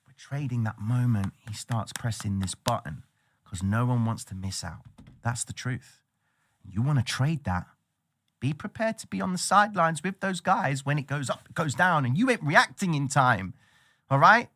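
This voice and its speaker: A man giving casual, animated trading commentary on a livestream. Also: mid-range voice, normal speed. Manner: animated, slangy, excitable.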